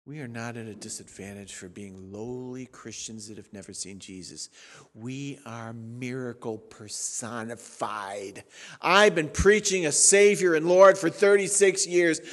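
A man in his sixties preaching a sermon as a pastor in an animated, sarcastic, conversational way. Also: mid-range voice, a little slow. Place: church sanctuary. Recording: reverberant church sanctuary.

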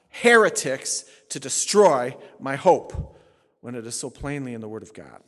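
Male pastor, fiery dramatic sermon delivery, a touch high-voiced, long church reverb. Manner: swings from shouting to hushed, dramatic preaching.

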